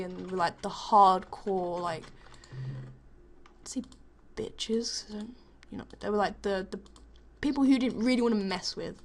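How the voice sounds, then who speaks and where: A woman's voice: mid-range voice, fairly even intonation, normal speed. A young woman telling a school story in a loose, rambling way, full of fillers and casual swearing, while she plays a game. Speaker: gaming vlogger. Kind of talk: casual storytelling over gameplay.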